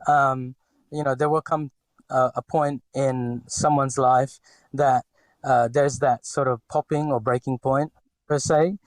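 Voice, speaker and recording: Heard on a podcast as a guest, a man in his forties from the Philippines speaks with a light Filipino accent in an unhurried, mid-range voice with fairly even intonation. The recording is dry, and his talk stumbles with many fillers and false starts.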